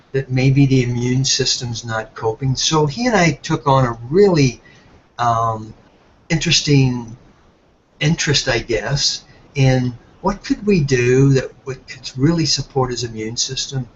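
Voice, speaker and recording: A man with an Irish accent talks easily and at length, stopping often on "uh" and "um". His voice sits at a middle pitch. It comes through a computer mic on a web call, sounding slightly dull with a faint hiss behind. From Ireland. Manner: friendly, rambling with many fillers. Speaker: presenter on a webinar. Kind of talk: casual talk.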